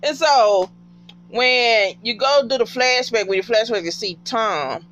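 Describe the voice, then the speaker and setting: A woman giving a casual TV episode recap in an animated, profane way and talking back to the characters. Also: fairly high pitch, unhurried, muffled recording, soft background music.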